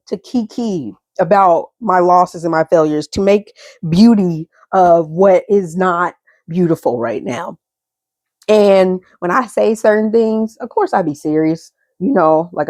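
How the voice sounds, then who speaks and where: Young woman vlogger, medium-pitched voice, emotional and rambling, dry close sound. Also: no room sound. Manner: rambling, emotional, repeats and restarts words; swings between high excited and low subdued tones. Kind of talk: candid storytelling monologue.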